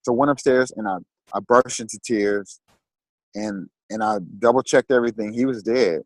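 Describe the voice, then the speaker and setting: A man, a guest on a talk show, telling a personal story in a halting way and repeating words when moved. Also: medium pitch, fairly even intonation, dry recording, poor audio.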